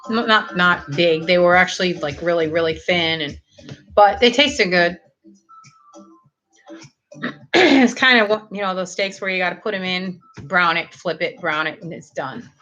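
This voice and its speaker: Chatty woman with a low voice. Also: moderate pace, a bit bright, highs cut off, soft background music. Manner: chatty, rambling, laughs often. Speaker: livestream host. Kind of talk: casual chat with live viewers.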